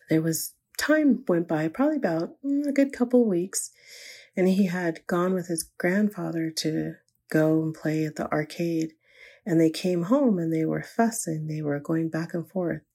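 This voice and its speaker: Low gravelly grandmother telling a story. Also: measured pace, warm tone. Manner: earnest, reflective. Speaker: grandmother sharing a faith story. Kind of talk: inspirational personal storytelling.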